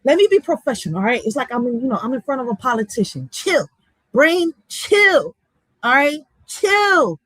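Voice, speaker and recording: A woman from Philadelphia with a Philly accent, ranting bluntly and with a lot of swearing, going from loud outbursts to low muttering. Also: lively intonation, rapid-fire, few pauses, no echo, poor audio. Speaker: vlogger. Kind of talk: heated profane rant.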